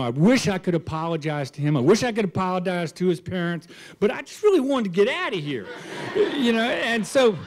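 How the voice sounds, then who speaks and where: A man's voice: a little high, darkish tone. A man in his sixties telling a personal story on stage, self-mocking and often chuckling.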